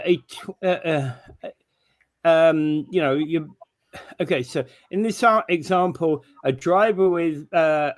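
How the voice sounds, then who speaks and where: A man with a higher-pitched voice hosts a laid-back morning talk show. He ribs his co-host in a dry way and fumbles through the news, leaning heavily on filler words.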